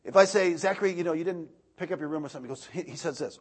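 Breathy, animated male preacher. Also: fairly high pitch, very fast, few pauses. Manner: animated, swings between loud outbursts and soft asides. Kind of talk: sermon.

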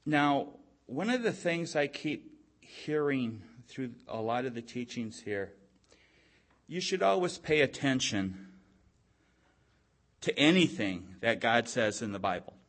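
A man preaching a sermon, telling a story and checking in with his listeners, growing louder at dramatic moments. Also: medium pitch, lively intonation. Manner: storytelling, repeats "okay?" to the audience; slow and deliberate, swelling louder at dramatic moments.

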